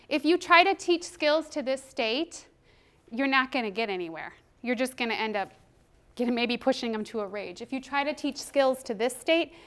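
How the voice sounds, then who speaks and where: Woman presenter, high voice, animated trainer who acts out quotes.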